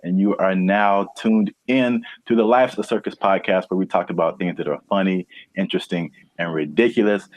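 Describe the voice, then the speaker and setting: A man from California co-hosting a casual podcast, laid-back and quick to laugh, often trailing off mid-sentence. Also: low-pitched, steady tone, highs cut off. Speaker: podcast co-host.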